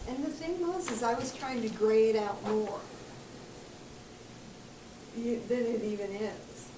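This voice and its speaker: A woman student answers her teacher in a soft, hesitant way. Her voice sounds mellow and a bit higher than his, and it comes through quietly, as if from a few steps away from the mic. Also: unhurried, a little hiss or hum, low-quality recording. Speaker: workshop student.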